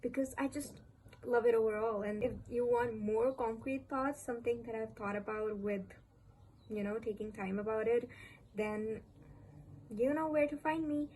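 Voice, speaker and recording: A woman's voice: a little high, normal speed, mellow, rough recording. A young woman from Pakistan with a Pakistani English accent, chatting casually and gushingly about books on her vlog, often repeating herself for emphasis. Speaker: book vlogger. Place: home, street vendor calls outside. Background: faint street noise.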